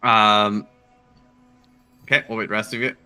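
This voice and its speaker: A man's voice: lowish voice, level tone, a little slow, bright, forceful tone, smooth, soft background music. A man running a tabletop game as dungeon master, casual and dry, often restarting his sentences.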